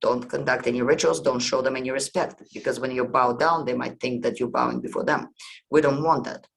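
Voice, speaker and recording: A man's voice: medium pitch, steady tone, a little fast, vocal fry, fairly bright tone. A man voicing a sly, scheming male trickster who coaxes others into mischief, in a persuasive, wheedling manner. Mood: coaxing. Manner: coaxing, persuasive.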